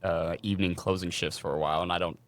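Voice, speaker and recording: A young man co-hosting a podcast, telling work stories in a casual, animated way and swearing freely. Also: sits low, fast talker. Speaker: podcast co-host. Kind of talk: casual storytelling chat.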